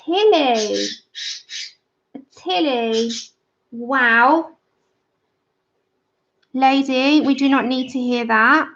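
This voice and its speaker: A woman chats at an easy, slow pace as she colors on a livestream, her fairly high voice catching into gravelly fry. She talks straight to her viewers and answers their chat messages. The sound is a little dull and lo-fi. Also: a bit bright. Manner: chatty, reads out and answers live chat. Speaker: livestream host. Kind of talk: casual chat while coloring.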